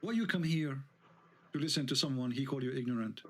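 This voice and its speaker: Heated guy w/ tinged ranting on his online show, keeps firing questions, mid-pitch voice. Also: fast, fairly bright tone. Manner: heated, indignant, rhetorical questions. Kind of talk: live online debate talk.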